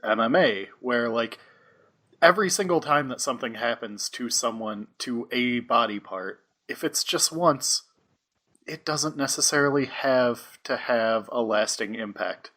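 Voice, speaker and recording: A man hosting a casual podcast chat, easygoing, quick to laugh and asking probing follow-up questions. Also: medium pitch, pushed and bright. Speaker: podcast host.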